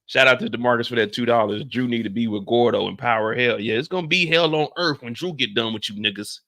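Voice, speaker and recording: A man hosting a live reaction stream talks fast in a medium-pitched voice. Casual and animated, he repeats himself and performs quotes as he goes.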